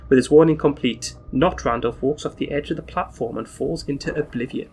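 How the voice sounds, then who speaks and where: A man's voice: mid-range voice, a little fast, hardly any pauses, darkish tone, slight background noise. A man playing a card game solo, reading story text aloud and talking through his moves. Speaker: solo board game player. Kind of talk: casual playthrough with read-aloud story text.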